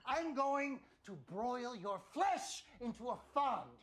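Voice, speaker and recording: A scheming ogre villain hiding in human form in a TV fantasy drama. He speaks with a swooping, lively pitch, putting on false friendliness that slides into theatrical menace. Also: slow, heavily acted. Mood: menacing.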